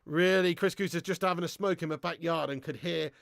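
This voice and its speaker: A young man hosting a live football watch-along, excitable and sweary, ranting and chatting with his viewers. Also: fairly high pitch, fairly quick, gravelly, no echo, studio quality. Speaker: host of a fan watch-along stream.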